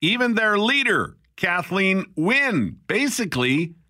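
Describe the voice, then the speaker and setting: A man hosting a talk radio show, chatty and quick to laugh as he takes calls and introduces clips. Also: sits high, sing-song, sharp tone, no room sound, studio quality. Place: radio studio.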